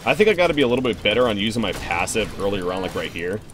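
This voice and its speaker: Excitable low-voiced man streaming a game. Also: very fast, a little hiss or hum. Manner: excitable, reacts loudly to plays, chatty and rambling. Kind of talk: live gameplay commentary and viewer Q&A.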